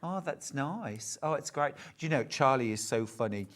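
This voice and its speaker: A woman's voice: very deep voice, expressive, moderate pace. Eager woman selling on live TV. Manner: enthusiastic, urgent countdown of stock. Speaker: shopping channel presenter. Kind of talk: live TV shopping sales chat.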